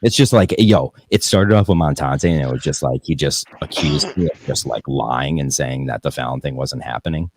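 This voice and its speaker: A man's voice: extremely low pitch, normal speed, hardly any pauses, a little mellow, slight background noise. A young man hosting a podcast, talking casually, profanely and in a rambling way, often laughing. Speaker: podcast host.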